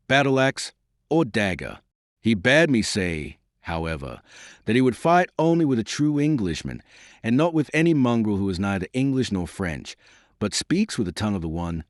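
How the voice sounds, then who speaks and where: A man reads a raw-boned herald with a hoarse, thick voice and a Breton accent, bold and swaggering as he delivers his master's challenge in a storybook reading. The voice sits low, and its pitch moves a great deal. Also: no room sound, clean studio sound. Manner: bold, earnest, quick-spoken.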